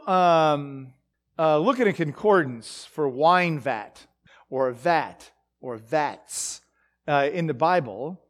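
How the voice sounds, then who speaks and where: Male Bible teacher, high voice, slow deliberate delivery, halting with fillers. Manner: halting, many fillers and restarts. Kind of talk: sermon-style Bible teaching.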